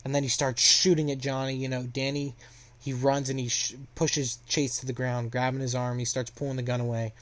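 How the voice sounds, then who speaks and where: A man's voice: mid-range voice, level tone, a little fast, fairly bright tone. A young man casually recapping a story plot, rambling with lots of fillers.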